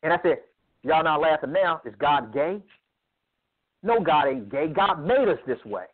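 Animated man, preacherly, over a phone line. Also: on the high side, unhurried. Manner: emphatic, preacherly, acts out dialogue. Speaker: guest speaker on men's ministry. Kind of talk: animated interview storytelling.

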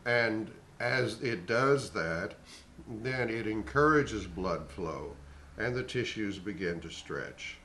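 Older man teaching singing, slow and echoey. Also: fairly low pitch, lively intonation, bright, forceful tone, slight background noise. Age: 60s. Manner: measured, explanatory teacher. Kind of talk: singing lesson demonstration.

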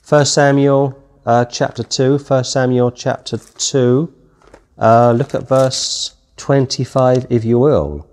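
A man with a British accent leads a Bible study sermon in an easy, conversational way. He moves between chatty asides and aloud readings of old-style scripture. His voice sits at a middling pitch. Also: slow, darkish tone. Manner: conversational, reads scripture aloud in King James wording. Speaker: Bible teacher.

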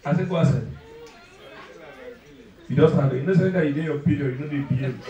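Nigerian man doing stand-up, high voice, loud and teasing, echoey venue, crowd noise. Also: racing, far from the mic, muffled recording. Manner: loud, teasing, talks straight to the crowd in pidgin. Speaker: stand-up comedian. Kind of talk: live stand-up with crowd work. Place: live comedy venue. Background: audience laughing.

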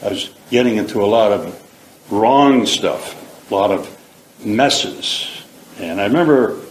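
A middle-aged man from Canada giving a plain-spoken, earnest personal testimony in a church hall. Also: lowish voice. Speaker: speaker giving his testimony. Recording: echoey hall, faint background hiss.

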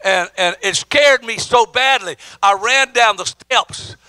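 A man's voice: high-pitched, slow pace, sharp tone, clean tone, no room sound. A middle-aged man, an evangelist, preaching a testimony with emphatic storytelling and many stammered restarts. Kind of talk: sermon testimony.

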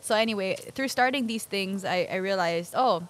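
A woman's voice: medium pitch, moderate pace. Woman from hawaii on a podcast, chatty storyteller, acts out the dialogue, laughs a lot. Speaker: guest, local business owner. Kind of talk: conversational storytelling.

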